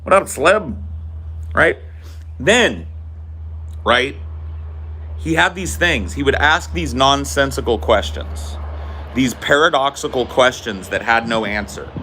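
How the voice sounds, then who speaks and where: A man's voice: medium pitch, unhurried, sharp tone, slight background noise. A young adult man hosting a podcast, telling a rambling story in a casual, profane way. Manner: rambling, swears casually, lots of fillers. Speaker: podcast host.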